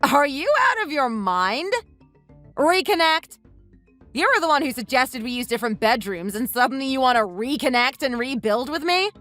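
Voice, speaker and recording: A text-to-speech woman's voice voicing a scornful, sharp-tongued young wife who scolds her husband in a text-message story. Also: high-pitched, big pitch swings, moderate pace, soft background music. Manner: mocking, scolding.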